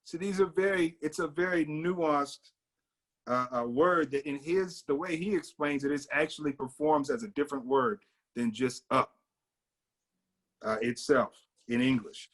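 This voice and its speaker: A man's voice: fairly high pitch, measured pace. A man leading a casual book discussion, talking thoughtfully with many fillers and restarts. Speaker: discussion leader.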